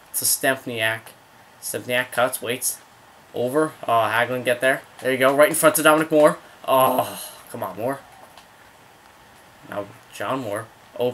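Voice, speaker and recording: A young man casually commentating his own hockey video game, rambling between excited outbursts at the plays. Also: medium pitch. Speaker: gaming video host.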